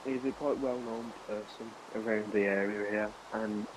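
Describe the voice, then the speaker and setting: A man's voice: on the low side, fairly even intonation, moderate pace. Young man over a noisy mic. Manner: rambling anecdote with many restarts and laughs. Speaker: streamer chatting with friends. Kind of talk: casual chat while gaming.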